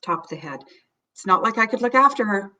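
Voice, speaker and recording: A middle-aged woman leading a guided tapping sequence. She names the tapping points low and soft, then says the panic phrases higher and louder. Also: animated, fast talker, far from the mic. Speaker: tapping coach.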